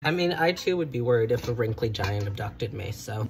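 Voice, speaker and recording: A man's voice: mid-range voice, lively intonation, brisk, a little hiss or hum. A young man from Ontario with an Ontario Canadian accent, chatting casually in a vlog with wry, rambling, self-mocking asides. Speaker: vlogger.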